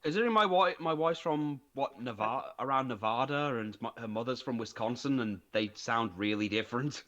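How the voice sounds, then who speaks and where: A man's voice: medium pitch, animated, a little fast, fairly bright tone, lo-fi sound. A man playing a tabletop game who chats casually and jokes and laughs often. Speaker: player.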